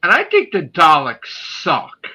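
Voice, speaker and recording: A man acting out a cocky male podcaster broadcasting taunts at alien invaders. The voice is loose, cheeky and pitched a little higher than his normal talk. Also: huge pitch swings, slow, bright, forceful tone, slightly rough, full character voice. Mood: taunting.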